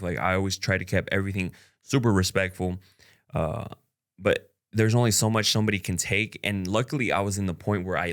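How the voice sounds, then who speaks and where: A young man talking frankly and at length about a breakup in a casual vlog, rambling with many fillers. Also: on the low side. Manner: rambling, frank, full of "like" and "you know". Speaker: content creator. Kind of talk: candid personal vlog talk.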